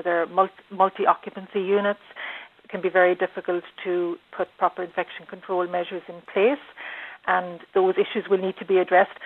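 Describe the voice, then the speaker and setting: A woman answering as an expert guest in a radio interview, speaking in a measured way and stumbling over repeated words. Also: lowish voice. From Ireland. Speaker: expert guest, researcher on older people's care. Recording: tinny phone line.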